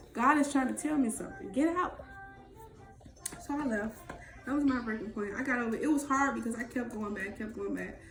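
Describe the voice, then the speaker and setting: A woman's voice: fairly high pitch, echoey room, background noise. A woman candidly telling her own story in a raw, emotional, profane way, as a vlog co-host.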